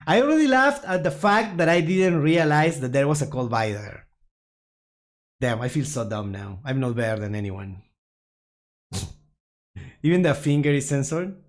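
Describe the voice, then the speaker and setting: An expressive mid-range voice at normal speed belongs to a streamer laughing their way through memes. They chat casually with viewers and regularly tease themselves.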